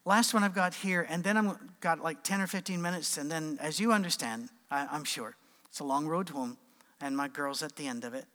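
Brief: male preacher, informal sermon, slightly high voice, lively asides, long hall reverb. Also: moderate pace. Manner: conversational, animated asides and acted quotes.

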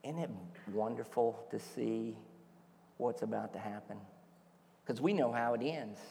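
A man preaching a sermon, telling a story with lively acted-out voices as a pastor. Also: mid-range voice, unhurried, vocal fry, in a large hall, slight background noise. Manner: animated storytelling, acts out voices.

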